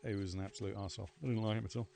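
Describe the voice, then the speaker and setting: A man's voice: fairly low pitch, steady tone, racing, creaky, mellow. A man streaming a survival game, chatting casually with rambling stories and free swearing. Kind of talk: casual gameplay commentary.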